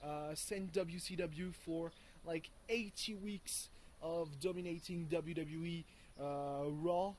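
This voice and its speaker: A man's voice: a little high, steady tone, slow, hardly any pauses, darkish tone, a little hiss or hum, rough recording. A man, rambling casually and swearing freely while vlogging from home on a hot morning. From France. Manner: rambling and profane, with many fillers and chuckles. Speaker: video blogger.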